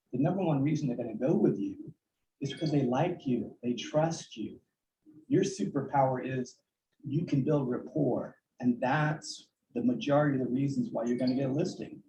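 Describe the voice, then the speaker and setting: A man shares listing tips in an earnest coaching tone, restarting his phrases now and then. His voice is gravelly and mellow. The room mic sits far away, so the sound is dull and roomy with a faint hiss. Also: medium pitch. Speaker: real estate agent. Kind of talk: town hall talk sharing sales advice. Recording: distant, dull, echoey room audio with faint noise.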